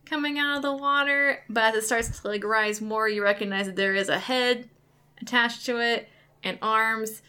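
Game master: bright-toned woman, loose, rambling narration. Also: fairly high pitch, fairly even intonation, moderate pace, clean tone. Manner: rambling, with many likes.

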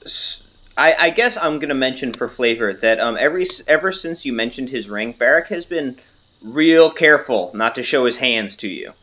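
A man narrating a tabletop game as game master, relaxed and joking, with hesitant fillers. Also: normal speed. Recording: muffled low-fidelity audio.

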